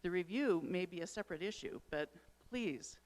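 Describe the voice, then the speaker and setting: A woman's voice: fairly low pitch, lively intonation, normal speed, darkish tone. A middle-aged woman making a public comment at a town meeting, emotional and urgent, her frustration showing. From Wisconsin.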